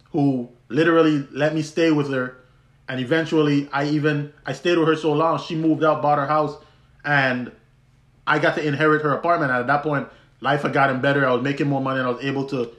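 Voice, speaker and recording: A roomy echo surrounds a young man from the U.S. Virgin Islands as he hosts a podcast, telling a personal story full of restarts and easy laughs. His conversational voice is a little high and a bit bright.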